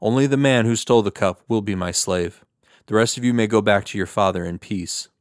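A man's voice: fairly low pitch, fairly quick, no room sound, clean studio sound, lightly acted. A man reading the part of a powerful ruler who speaks sternly.

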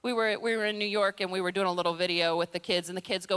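Middle-aged woman preacher, humorous, chatty sermon, crisp bright tone, big hall reverb. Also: fairly low pitch, steady tone, fast. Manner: humorous, conversational, playful impressions. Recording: long reverb in a large hall.

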